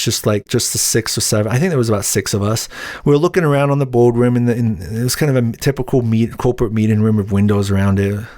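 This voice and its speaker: Young guy podcasting, telling a story all animated, plain middle voice, dry close mic. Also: medium pitch, no echo. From Utah. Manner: animated, acts out quotes in raised voice. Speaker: podcast host. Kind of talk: casual storytelling monologue.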